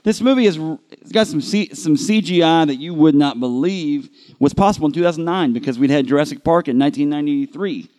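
A man hosting a movie podcast live at a convention panel, talking in an animated, sarcastic, jokey way. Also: a little high, a little fast, hardly any pauses, long reverb tail. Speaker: podcast host.

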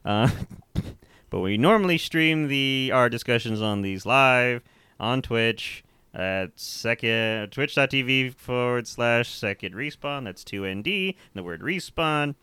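Young guy on a podcast, smooth voice, dry close sound, rambly, laughs a lot and swears. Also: mid-range voice, bright, forceful tone, no echo. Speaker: podcast co-host. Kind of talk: casual chat.

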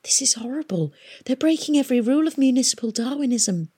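A woman reading a novel aloud, voicing an anxious young man with a raised, breathless, hushed delivery. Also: extremely high pitch, wildly swooping pitch, fast talker, voice pushed up, heavily acted. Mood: frightened whisper.

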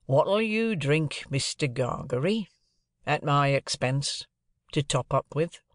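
A man's voice: on the high side, expressive, dry recording, studio quality. Man doing a sly, secretive stranger. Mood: coaxing. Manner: slow, probing, insinuating questions. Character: secretive, sly middle-aged male stranger.

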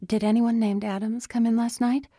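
Woman voicing a hurried insistent woman, raised voice, pressing questions, dry sound. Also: on the high side, little pitch movement, warm tone, dry recording, voice pushed up, lightly acted.

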